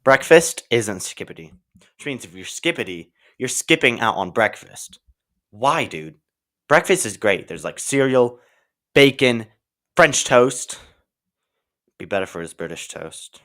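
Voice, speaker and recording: A man's voice: medium pitch, sing-song, unhurried, fairly bright tone. A man hosting a silly comedic talk show, rambling and stumbling through his list with many ums and likes. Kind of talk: silly sketch monologue.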